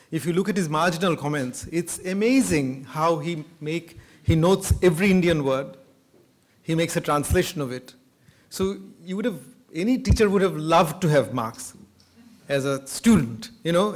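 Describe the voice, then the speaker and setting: A man from Bengal, giving an academic lecture with a reflective manner and occasional soft laughs. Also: on the high side. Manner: thoughtful, laughs between points.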